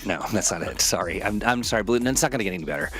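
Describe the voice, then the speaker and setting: Playful low-voiced male stream host. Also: animated, very fast, a bit bright. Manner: playful, self-deprecating, reads chat aloud. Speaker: livestream host. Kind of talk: casual livestream chat.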